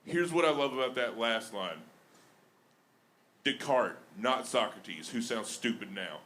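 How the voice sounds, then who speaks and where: A young man from Alabama doing stand-up in his own Alabama accent, talking into a handheld mic on a club stage. He chats and mocks himself, his voice bright and mid-pitched. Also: animated, unhurried. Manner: self-mocking, chatty with laughs in the flow. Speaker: stand-up comedian. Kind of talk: stand-up comedy set.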